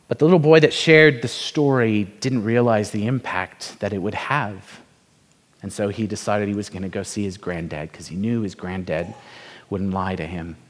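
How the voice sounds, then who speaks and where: A man preaching a sermon, telling a story and asking the congregation rhetorical questions in a conversational way. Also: fairly low pitch. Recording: reverberant hall.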